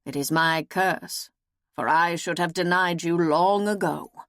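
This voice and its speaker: A woman reading an audiobook, voicing a weary old woman seer who speaks slowly and gravely. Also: lowish voice, fairly bright tone, no echo, clean studio sound. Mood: solemn. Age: older. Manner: slow, solemn, measured.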